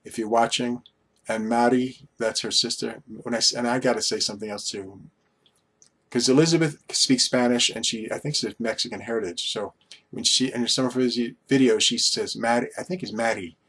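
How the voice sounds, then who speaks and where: Husky rambling man from Long Island. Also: medium pitch, fairly even intonation, normal speed, a bit bright. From Long Island, New York. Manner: meandering, storytelling with asides and restarts. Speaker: vlogger. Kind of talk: rambling casual chat to camera.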